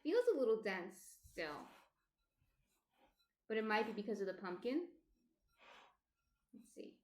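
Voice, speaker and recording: A woman's voice: mid-range voice, lively intonation, unhurried, darkish tone, reverberant. A woman from New Jersey chatting casually on a live stream, explaining each step of shaping bread and greeting viewers by name. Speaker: baker streaming a sourdough tutorial.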